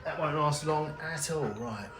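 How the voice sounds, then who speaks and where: A man's voice: a little high, measured pace, echoey room. A man chatting casually and wryly while working at a jeweller's bench, hosting a live stream. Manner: chatty, rambling, wry. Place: jewellery workshop.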